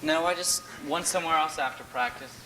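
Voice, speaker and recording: A young man playing an earnest, gently religious teenage boy in a stage musical, easygoing and joking. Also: fairly high pitch, brisk, slight background noise, poor audio.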